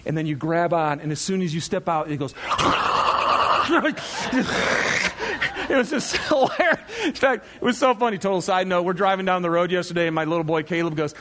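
Pastor guy in his 30s, kinda high voice, telling a story all animated and chatty from the pulpit. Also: fast talker, hardly any pauses, background noise. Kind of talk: storytelling sermon to a congregation.

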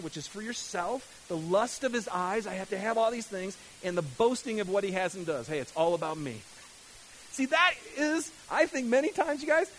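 A middle-aged man preaching a sermon as pastor, emphatic, rising to loud outbursts and dropping to hushed lines. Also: very high voice, low-quality recording. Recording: faint hiss.

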